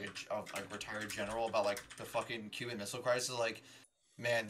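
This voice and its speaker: A man's voice: mid-range voice, a bit bright, a little hiss or hum. Crude joking male podcast co-host. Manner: joking, profane, quick interjections. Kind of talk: crude casual banter.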